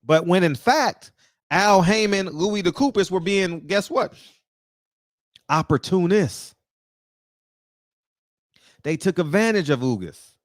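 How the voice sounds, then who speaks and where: A man, ranting about boxing in a lively, preachy way. He talks straight to his viewers. The sound is dry and close. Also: high-pitched, slow pace, pauses often, dry recording. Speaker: boxing commentator. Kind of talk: casual opinion rant.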